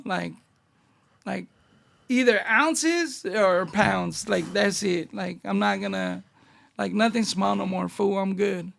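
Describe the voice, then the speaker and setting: La guy, middle-aged, raspy fry all over, high-ish voice, telling stories w/ lots of slang. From Northeast Los Angeles. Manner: animated street-slang storyteller, acting out dialogue. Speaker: guest. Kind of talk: casual storytelling interview.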